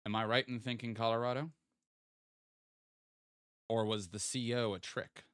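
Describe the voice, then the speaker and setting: A man's voice: medium pitch, fairly even intonation, moderate pace, pauses often, fairly bright tone, clear, resonant tone, no echo, clean studio sound. A man streaming a geography guessing game, thinking aloud and playfully teasing his chat as he goes. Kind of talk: casual live-stream game commentary.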